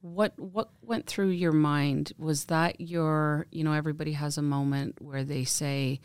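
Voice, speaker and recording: A woman hosting a podcast, asking her guest questions in a gentle, supportive way. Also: deep voice, steady tone, a little slow, hardly any pauses, clear, resonant tone, dry recording. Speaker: podcast host. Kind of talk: interview questions.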